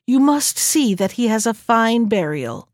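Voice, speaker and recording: A woman reading the lines of a gracious, kind sultana in a calm storybook voice. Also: a little high, measured pace, no echo, clean studio sound.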